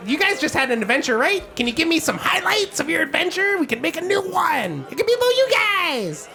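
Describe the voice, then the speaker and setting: Casting note: man playing an excitable gnome innkeeper, high, fast, lively swoops, bright tone. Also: vocal fry, exaggerated voice. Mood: gushing. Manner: gushing, rapid, high-pitched. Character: excitable male gnome bar owner.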